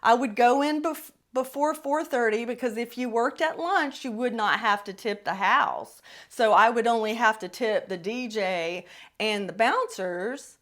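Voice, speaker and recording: A middle-aged woman hosting a podcast, telling a personal story in a blunt, profane, animated way. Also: fairly high pitch, a little slow. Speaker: podcast host. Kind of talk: casual storytelling monologue.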